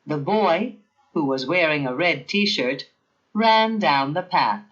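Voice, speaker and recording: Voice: mid-range voice, expressive, takes it slowly, a bit bright, lo-fi sound. A narrator giving a scripted grammar lesson in a careful, evenly paced teaching manner.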